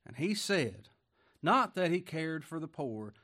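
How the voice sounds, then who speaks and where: A man's voice: fairly high pitch, lively intonation, moderate pace. A man preaching a sermon in a folksy, conversational way, often asking the congregation rhetorical questions. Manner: swings between loud emphasis and quiet asides. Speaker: pastor.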